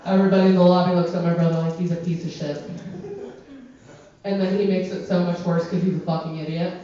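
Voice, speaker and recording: A woman doing a stand-up comedy set in a club, brash and profane, with dark self-deprecating humor. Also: fairly low pitch, flat delivery, fast. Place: comedy club with a live audience. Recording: roomy, distant, dull club recording with crowd.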